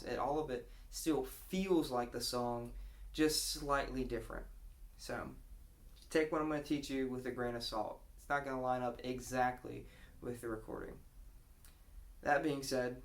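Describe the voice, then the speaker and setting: A man giving a casual guitar lesson, explaining a strumming pattern and counting beats aloud. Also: medium pitch. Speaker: guitar teacher.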